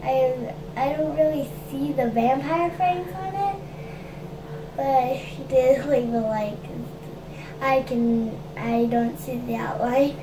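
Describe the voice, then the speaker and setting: A young learner player, hesitant and giggly, talking haltingly during a casual tabletop game. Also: female voice, sits high, distant mic. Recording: echoey, from off-mic, with clear noise.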